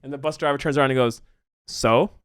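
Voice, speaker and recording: A man brainstorming a story in casual chat, excitedly acting out the characters' lines. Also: medium pitch, rapid-fire, smooth, no echo, clean studio sound. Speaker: co-host writing a musical.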